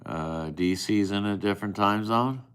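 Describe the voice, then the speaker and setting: A man's voice: lowish voice, normal speed, clean tone. A man chatting casually with viewers on a live stream, teasing and swearing at them in an offhand way.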